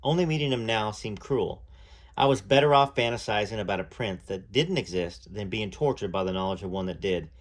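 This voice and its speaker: Reading a first-person story in a measured way, a man with a lowish voice pauses at times to add asides.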